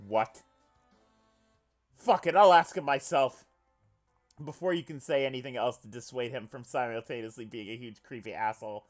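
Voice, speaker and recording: A man streaming a visual novel, reading the narration aloud and reacting with animated, foul-mouthed commentary. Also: mid-range voice. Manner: animated, swears often, laughs loudly. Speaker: let's play streamer.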